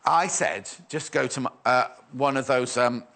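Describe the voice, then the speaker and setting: A man's voice: mid-range voice, normal speed, creaky, sharp tone. A man presenting a shopping channel, chatty and rambling, joking and reading out viewer messages. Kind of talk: live shopping channel chat.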